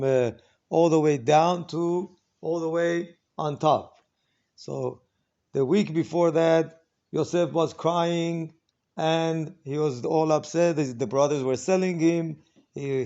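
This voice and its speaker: A rabbi leads a relaxed Torah class, his voice a bit higher than most men's. He keeps asking rhetorical questions and dramatizes quoted speech as he goes. The recording sounds muffled and lo-fi. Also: gravelly. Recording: dull lo-fi recording.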